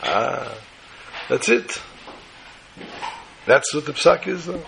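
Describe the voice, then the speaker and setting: A man telling a story aloud in animated fashion, jumping into quoted voices of the characters. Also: medium pitch, slow, creaky, husky, rough recording. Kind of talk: oral storytelling.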